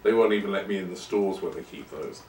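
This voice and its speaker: Lowish guy rambling through a podcast, joking at his own expense, kinda far from the mic. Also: fast, darkish tone, slight background noise. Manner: rambling and self-deprecating. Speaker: podcast host. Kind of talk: casual monologue. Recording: roomy and distant from the mic.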